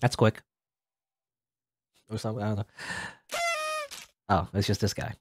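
A man's voice: lowish voice, steady tone, unhurried, darkish tone. A man giving casual, musing commentary while playing a game, unsure and joking. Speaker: let's play gamer.

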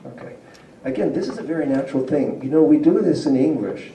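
A man with a fairly high, expressive voice talks quickly and warmly, giving a public linguistics lecture to a community audience, with a faint hiss or hum underneath. He explains things patiently, poses questions to the room, and chuckles often. The roomy hall is captured from a distance.

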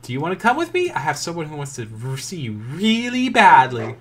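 A man voicing a crude, suspicious talking dog in a game let's play, loud and quick. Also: on the high side, wildly swooping pitch. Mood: cheeky.

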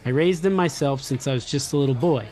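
A man's voice: mid-range voice, quick pace, faint music behind. A man co-hosting a podcast in a casual chat, telling stories with energy and reading listener letters aloud. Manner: animated, jokey storyteller who reads out listener letters. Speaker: podcast co-host.

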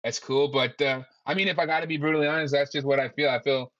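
Blunt, halting man with a bright voice. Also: mid-range voice, steady tone, dull audio. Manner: blunt, halting, stumbles over words. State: under the weather with a flu. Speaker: panel guest. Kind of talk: casual panel chat.

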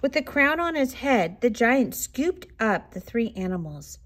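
A woman reading a children's picture book aloud with expressive, unhurried storytelling. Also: a little high. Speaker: storybook reader.

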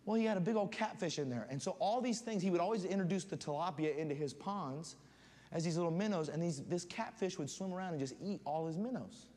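A man preaching a sermon as a guest speaker, building up to loud fervent shouting. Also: sits high, fast. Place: church sanctuary. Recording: church hall reverb.

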